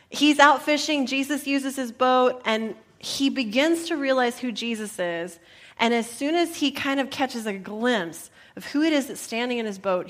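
Woman preaching a lively sermon. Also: on the high side. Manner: animated, voices the disciples in playful asides. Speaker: pastor. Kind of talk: sermon with scripture reading.

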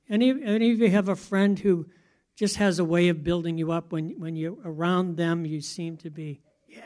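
A man delivers a sermon with a notably high voice. He keeps it conversational and often turns to his listeners with questions. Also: darkish tone. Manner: conversational, asks the audience questions. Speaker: pastor.

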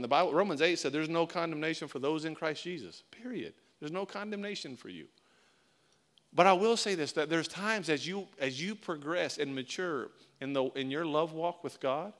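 A man preaching a sermon as pastor, telling stories and acting out little scenes as he goes. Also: fairly high pitch. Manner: animated storytelling, acts out little scenes.

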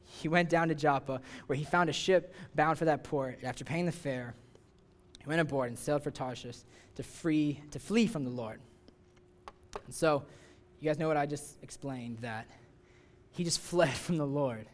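A man's voice: a little high, normal speed. A young man giving a casual sermon, talking conversationally with lots of fillers and acting out people's voices. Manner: conversational, many "like" fillers, acts out voices with rising excitement. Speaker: youth preacher.

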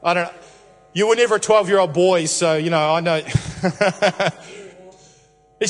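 High-voiced male pastor in a reverberant hall. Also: unhurried, pauses often, faint music behind. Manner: repetitive, playful storytelling with catchphrases. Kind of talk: sermon.

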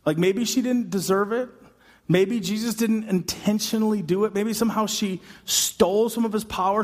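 A man preaching a sermon, dramatic and animated, acting out the voices of the people in the story. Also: sits high, normal speed. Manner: dramatic, acts out voices, builds to shouting. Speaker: pastor. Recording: long hall reverb.

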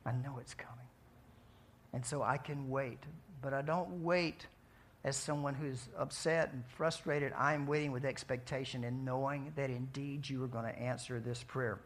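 A man preaching a sermon in a conversational way, asking his listeners questions and swinging between soft, quiet passages and emphatic outbursts. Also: mid-range voice, fairly even intonation, normal speed, a little hiss or hum. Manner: conversational, asks the audience questions. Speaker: pastor.

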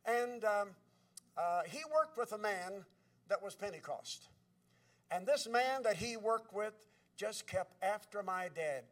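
A male preacher telling sermon stories in a halting way, with many pauses and restarts, his voice swinging between soft and loud. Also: high voice. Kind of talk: sermon storytelling. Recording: distant from the mic.

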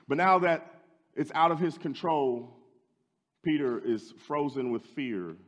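Man, preacher, sermon, dramatic storytelling, loud to hushed swings. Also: on the high side, lively intonation, slow pace, in a large hall.

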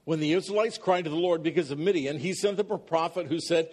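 A man's voice: fairly high pitch, fast talker, hardly any pauses, darkish tone. A man preaching a sermon, reading scripture aloud dramatically and breaking off for jokey, conversational asides to the congregation. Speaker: pastor.

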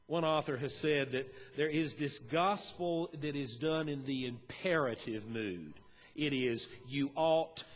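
Middle-aged male pastor, folksy sermon storyteller, slightly high voice, long church reverb. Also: fairly bright tone. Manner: folksy, storytelling, chuckles often. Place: church sanctuary.

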